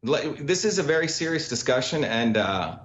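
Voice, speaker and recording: A male radio guest making an insistent, emphatic case at a steady pitch. He comes through a remote link that sounds roomy and dull. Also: moderate pace. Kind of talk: heated talk radio interview.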